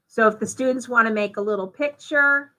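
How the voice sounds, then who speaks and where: A woman giving a live software demonstration, talking through each step in a chatty way with fillers. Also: on the high side, fairly quick, poor audio. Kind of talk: live software demo walkthrough.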